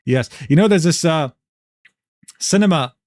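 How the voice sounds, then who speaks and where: High-voiced dude streaming, disbelieving, says bro a lot, dry sound. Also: male voice, expressive, measured pace, a little mellow, dry recording. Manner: incredulous, laughing, slangy. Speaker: streamer reacting to a document. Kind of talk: casual livestream commentary.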